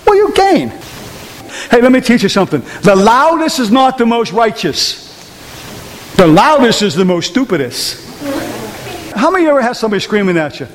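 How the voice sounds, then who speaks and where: A man's voice: sits high, big-room sound, a little hiss or hum. A man preaching a conversational sermon in church, often asking the congregation rhetorical questions. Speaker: pastor. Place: church hall.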